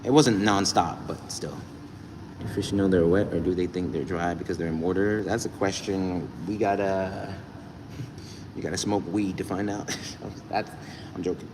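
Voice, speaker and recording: A man's voice: sits low, steady tone, moderate pace. Young man livestreaming from echoey gym. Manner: loose, rambling, hypes and thanks viewers. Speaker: livestreamer and rapper. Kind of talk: casual livestream chat reading comments. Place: indoor gym. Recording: echoey gym room, faint background noise.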